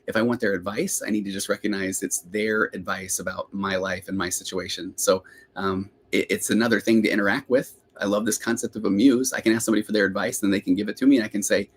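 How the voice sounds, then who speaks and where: Fast-talking middle-aged male therapist host. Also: fairly low pitch, fairly even intonation, slight background noise. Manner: rambling, self-interrupting, chatty. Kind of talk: live Q&A podcast chat.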